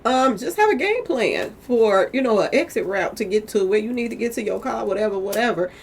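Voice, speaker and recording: A woman with a slightly squeaky voice in a casual commentary monologue, candid and colloquial, who laughs often and keeps asking her viewers "okay, y'all?". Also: expressive, a little fast, creaky, a little hiss or hum. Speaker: commentary vlogger.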